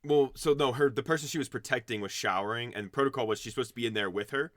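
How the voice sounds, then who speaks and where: A man's voice: medium pitch, fast talker, fairly bright tone, dry recording, studio quality. A man co-hosting a podcast, recapping a movie plot in a rambling, profane way with frequent laughs. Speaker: podcast co-host. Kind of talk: casual chat, recapping a movie.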